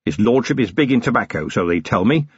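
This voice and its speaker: A wheezy, sly pub landlord and former copper, put on by a male narrator, who grumbles in a coarse voice. The voice is husky and lively, recorded dry on a close mic, and the audiobook sounds slightly dull. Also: medium pitch, fast, no echo. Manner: coarse, grumbling working-class talk. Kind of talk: audiobook character reading.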